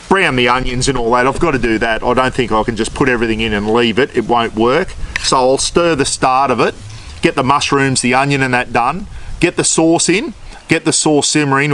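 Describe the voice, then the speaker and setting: Cooking in his backyard, this laid-back Australian vlogger talks in an easygoing way with some mild cursing. He speaks at a medium pitch against a noisy background.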